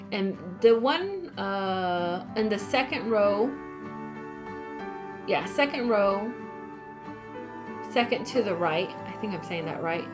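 Chatty woman teaching the Bible. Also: mid-range voice. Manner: chatty, apologetic asides, reads scripture aloud. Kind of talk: casual Bible study talk.

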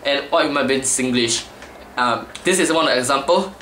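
A man's voice: medium pitch, moderate pace, bright, forceful tone, a little hiss or hum. Rambling young man vlogging in an echoey room. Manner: rambling, loses track, cheeky. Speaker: student vlogger. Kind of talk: casual vlog. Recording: echoey room, mic at a distance.

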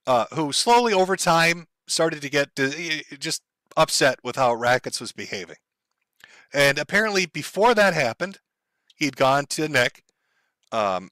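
A male host gives live commentary in a calm, explanatory way. His voice is bright and a bit high. The sound is dry and close. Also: no echo. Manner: calm, explanatory, addresses chat.

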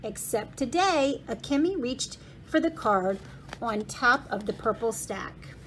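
A woman, a school principal, reading a children's novel aloud with steady, clear storytelling and the odd slip and restart. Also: on the high side, measured pace, a little hiss or hum.

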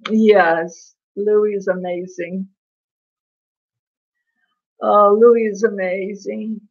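A woman's voice: medium pitch, level tone, extremely slow. A woman hosting a casual livestream, chatting in a gossipy, laughing way and answering viewers' comments by name. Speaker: livestream host. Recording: dull lo-fi livestream audio.

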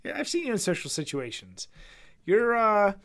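A man's voice: high-pitched, big pitch swings, moderate pace, fairly bright tone. A young man with a Philadelphia accent co-hosting a podcast, talking casually, teasing his friend with profanity and frequent laughter. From Philadelphia, USA. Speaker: podcast co-host. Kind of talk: casual chat.

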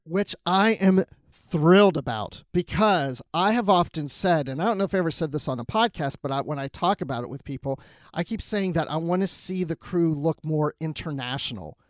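A man co-hosting a podcast, chatting casually and excitedly, often laughing. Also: fairly high pitch, moderate pace, no room sound, clean studio sound. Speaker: podcast co-host. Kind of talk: casual review chat.

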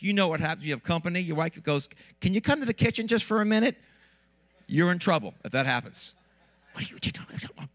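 A man preaching a lively sermon in a church with asides to the congregation, while he has a cold. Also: on the high side. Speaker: pastor. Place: church sanctuary.

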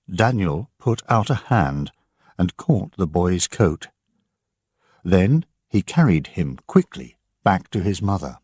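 A man narrating an audiobook for English learners, slow and clearly enunciated. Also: deep voice, sing-song, a little mellow, no room sound, clean studio sound.

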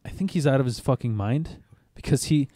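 A man's voice: medium pitch, expressive, fairly quick, dark tone, dry recording, clean studio sound. A man hosting a podcast, telling stories in a rambling, swearing, laughing way. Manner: rambling storyteller, swears a lot, laughs often. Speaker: podcast host. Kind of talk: casual chat.

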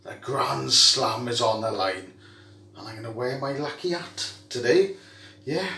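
A Welsh man vlogging as an excitable rugby fan, rowdy, jokey and full of swearing. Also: mid-range voice, unhurried, creaky. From Wales. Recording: echoey room, mic at a distance.

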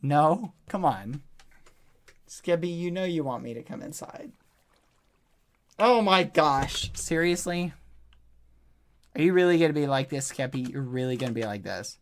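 A man chats through a live game stream, pleading and apologizing with sudden exclamations. His voice moves very freely up and down in pitch. He talks at a slow, unhurried pace. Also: expressive. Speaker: gaming streamer. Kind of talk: live-streamed gameplay chat.

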